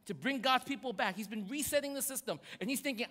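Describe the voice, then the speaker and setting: A man preaching a sermon, telling the story in a lively, animated way and acting out quotes with sudden swings in loudness. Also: very high-pitched, quick pace, hardly any pauses. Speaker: pastor. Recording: long hall reverb.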